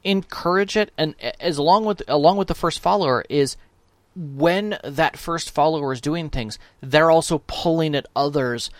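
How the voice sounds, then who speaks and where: A man's voice: a little high, moderate pace, no echo. A man co-hosting a tabletop gaming podcast in casual chat, agreeable with lots of short backing replies. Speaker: podcast co-host and storyteller.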